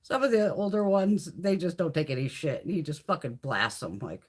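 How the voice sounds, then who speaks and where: A woman with a deep, expressive, slightly rough voice and a brisk delivery hosts a live beauty stream. She chats with viewers in a blunt, profane, ranting style and laughs often as she talks.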